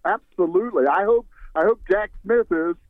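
A man's voice: high voice, moderate pace, no room sound. A man calling into a talk show by phone, chatty and a little hesitant. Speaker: caller. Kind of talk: call-in question. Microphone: telephone. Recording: tinny phone line.

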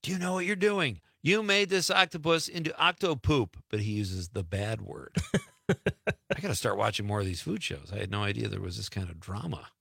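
A man's voice: fairly low pitch, animated, moderate pace, gravelly, sharp tone, husky, no echo, clean studio sound. A man hosting a radio show, chatting casually and reading listener texts aloud with easy laughs. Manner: chatty, laughs easily, drifts between lines. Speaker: radio host.

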